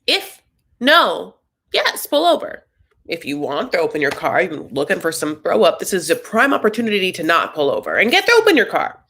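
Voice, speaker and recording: Chatty woman hosting a recap. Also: brisk. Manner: chatty, tangential, animated with sudden high jumps. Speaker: host. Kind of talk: casual live recap chat.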